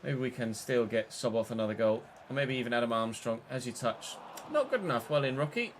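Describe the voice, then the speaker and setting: A young man streaming live, chatting through his football game and breaking into excited shouts between muttered asides. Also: mid-range voice, brisk, a little hiss or hum. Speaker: gaming streamer.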